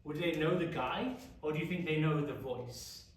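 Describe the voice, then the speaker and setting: A man with an English accent, a youth pastor, leads an informal Bible study in a church youth room, chatting and regularly asking the group questions. His voice sits on the high side at a normal pace, captured by a far-off mic with echo and a bit of hiss or hum.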